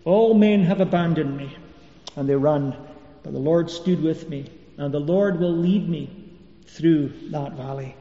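A man's voice: fairly high pitch, unhurried, mellow. A man preaching a sermon, earnest and repeating key phrases for emphasis. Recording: echoey hall, dull lo-fi sound.

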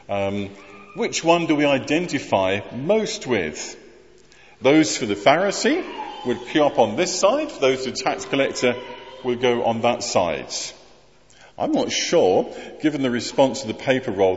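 A man preaching a sermon in a relaxed, conversational way, with wry humor and rhetorical questions. His pitch rises and falls freely. The sound is slightly muffled and carries the long reverb of a church.

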